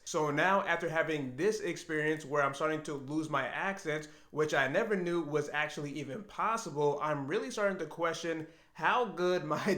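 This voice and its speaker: A man with a somewhat high voice talks to camera in an earnest, reflective way, often asking himself questions out loud. His voice rings around a roomy, echoey space. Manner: earnest, thinking aloud, with self-questions. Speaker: language learner vlogger. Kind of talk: reflective solo talk to camera.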